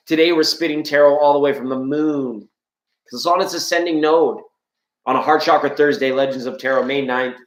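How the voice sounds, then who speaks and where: A man hosting a live tarot reading, talking to his chat in a rambling, playful, jokey way. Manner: rambling, playful, jokey, shifting pitch and loudness. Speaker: tarot reader and livestream host. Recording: echoey room.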